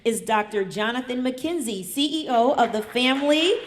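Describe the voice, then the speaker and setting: A woman's voice: a little high, expressive, moderate pace, a little hiss or hum. A woman emceeing a gala, announcing award recipients in an upbeat manner. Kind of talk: event hosting.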